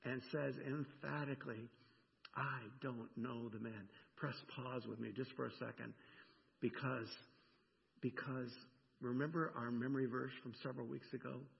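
A man pastor preaching a sermon in a conversational, animated way, often checking in with the congregation. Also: mid-range voice, gravelly. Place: church sanctuary. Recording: dull sound with long church reverb.

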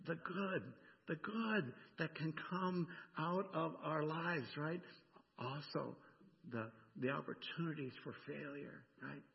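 A man pastor preaching a sermon in a conversational, animated way, often checking in with the congregation. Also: fairly high pitch, slow pace, vocal fry. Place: church sanctuary. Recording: dull sound with long church reverb.

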